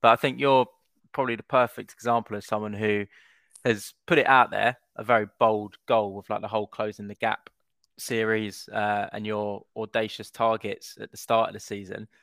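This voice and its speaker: Flat, low-voiced man, measured. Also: dry recording. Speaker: podcast co-host. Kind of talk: casual chat.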